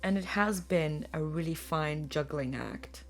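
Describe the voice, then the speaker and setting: In the middle of a tarot reading, a woman speaks to her viewers in a lowish voice, a little slowly, over soft background music. She's earnest and emotional, trailing off as she searches for the right words.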